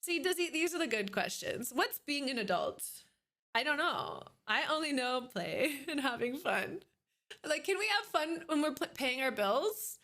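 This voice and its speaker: A bubbly woman live streamer chats with her viewers from her computer, giggling as she greets people by name. Her voice sits high and sounds bright and crisp. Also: very animated, unhurried. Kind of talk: casual live-stream chat.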